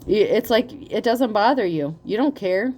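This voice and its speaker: Woman, tarot reader, casual monologue, swears a lot, lively, laughs often. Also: medium pitch, normal speed. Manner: profane, animated, laughs often.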